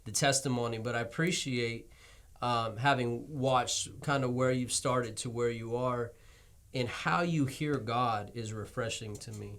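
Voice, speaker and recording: A man's voice: medium pitch, fairly even intonation, unhurried, fairly bright tone. A man, a pastor, hosting a casual church talk show and encouraging his guest and viewers with light self-deprecating laughs. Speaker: pastor and host.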